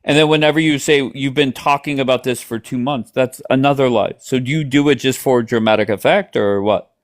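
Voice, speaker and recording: A man's voice: mid-range voice, a little fast. A man hosting a live stream debate, blunt and mocking as he questions callers. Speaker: livestream host.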